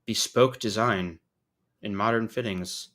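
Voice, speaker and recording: A man's voice: lowish voice, a little slow, fairly bright tone. A man hosting a podcast in casual chat, joking and swearing freely while mocking himself. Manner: joking, profane, self-mocking. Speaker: podcast host.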